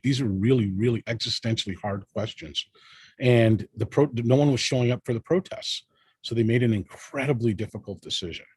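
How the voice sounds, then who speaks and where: A man's voice: lowish voice, breathy edge, dry recording. A man speaking as a panel guest in an impassioned discussion, emphatic and rallying, often tagging his points with "right?".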